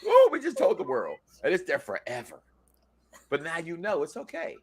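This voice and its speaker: Animated high-voiced man hosting. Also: normal speed, slight background noise. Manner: animated, joking, swings between loud and soft. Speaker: co-host of a reality show review. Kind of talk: live-stream chat.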